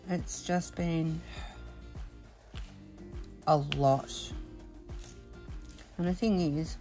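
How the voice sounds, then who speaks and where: An Australian woman with a low, slightly mellow voice chats casually in her home craft room while doing diamond painting. She rambles with lots of fillers and restarts, sounding emotional and openly admitting she's exhausted.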